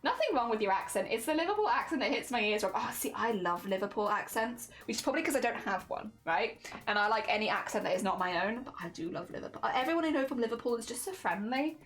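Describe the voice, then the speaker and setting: A woman's voice: a little high, expressive, quick pace, few pauses, fairly bright tone, soft background music. A young woman chatting casually on a livestream, giggly and reading chat aloud. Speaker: streamer.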